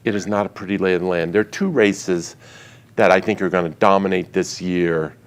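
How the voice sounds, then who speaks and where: Deep voiced guy, political strategist, dry analytical takes. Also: steady tone, a little fast. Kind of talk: panel discussion.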